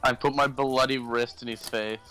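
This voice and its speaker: Deadpan man with a bright voice. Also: mid-range voice, moderate pace, low-quality recording. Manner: short deadpan replies. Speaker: podcast guest. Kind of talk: casual chat.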